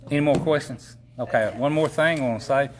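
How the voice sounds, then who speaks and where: A man's voice: mid-range voice, fairly quick. County official, man, folksy and meandering, faint room hiss. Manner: folksy, rambling with many fillers. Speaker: county executive. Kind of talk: casual public update.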